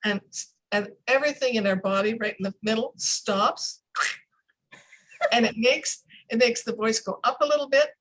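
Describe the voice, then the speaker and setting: An older woman, a speech coach, explaining pronunciation in a casual interview over a video call, slowing down to demonstrate sounds. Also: on the high side, a bit bright, rough recording. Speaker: accent coach.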